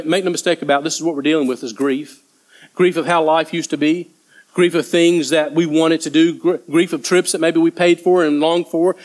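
Man, fairly high voice, preaching in a relaxed, conversational way; slips into acted-out voices. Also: rough recording. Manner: conversational, acts out disciples' voices. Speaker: pastor. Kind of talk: sermon.

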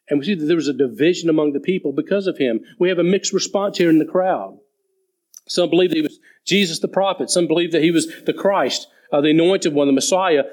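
A man preaching a sermon, explaining a Bible passage and reading the scripture slowly and deliberately. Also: fairly high pitch, a little mellow, low-quality recording. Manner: slows down and reads scripture deliberately.

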